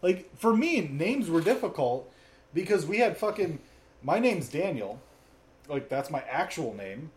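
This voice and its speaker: Profane, animated young man chatting. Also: on the high side, a little slow. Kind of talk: casual chat.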